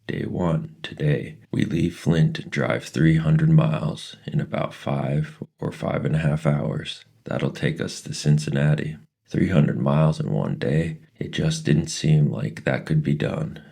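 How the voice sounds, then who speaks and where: A man reading a novel aloud in a steady, plain storytelling manner. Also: a bass voice, a little slow, gravelly, breathy edge.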